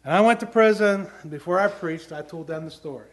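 Earnest high-voiced male preacher. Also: fairly quick. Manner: earnest storytelling, rising to emphatic questions. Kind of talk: sermon with personal stories.

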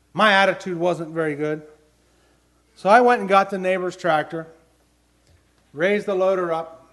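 A man's voice: high voice, a bit bright. A middle-aged man preaching a sermon, telling personal stories in an earnest way and building to emphatic questions.

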